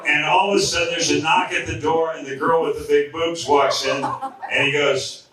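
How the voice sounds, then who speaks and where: A man's voice: medium pitch, normal speed, noisy background. A man, a magician, telling a funny anecdote to an audience in a rambling, self-interrupting way. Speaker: magician telling a story at a memorial. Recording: echoey hall, far from mic, crowd.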